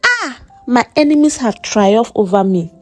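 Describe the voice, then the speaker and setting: A woman's voice: fairly high pitch, sing-song, a little slow, no echo, soft background music. A woman with a Nigerian accent voicing a stern, churchgoing widowed mother who scolds in a mocking, sermon-like way. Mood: lamenting.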